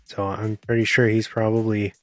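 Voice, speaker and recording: A man's voice: fairly low pitch, little pitch movement, normal speed, fairly bright tone, dry recording, soft background music. A man co-hosting a casual podcast film review, asking questions and laughing along. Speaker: podcast co-host.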